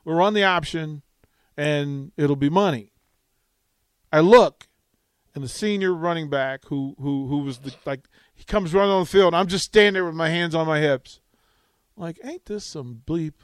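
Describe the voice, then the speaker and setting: A man hosting a sports radio show, telling an animated story in casual chat. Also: fairly high pitch, moderate pace, long pauses, clean tone, no room sound. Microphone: studio microphone.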